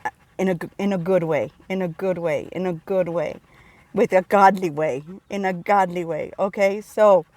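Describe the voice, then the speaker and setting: An excited woman recounts a spiritual experience in a loose, rambling way, circling back and repeating phrases as she talks. Her voice sits at an ordinary middle pitch. The sound is dry and close, with no room around it. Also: no echo. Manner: excited, repetitive, storytelling with restarts. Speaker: religious vlogger sharing testimony. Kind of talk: casual spoken testimony.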